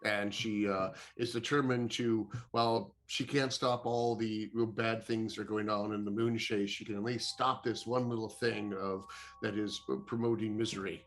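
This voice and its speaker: A man's voice: fairly low pitch, flat delivery, normal speed, fairly bright tone. Joking male game master. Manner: joking, explains lore with frequent fillers. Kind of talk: casual tabletop game narration.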